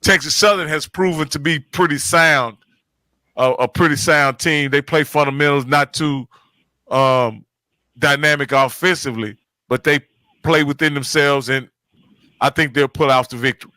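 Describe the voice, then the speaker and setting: A man's voice: on the high side, fairly even intonation, moderate pace, bright, forceful tone, no echo. A man in casual sports talk, emphatic, repeating his points and laughing often.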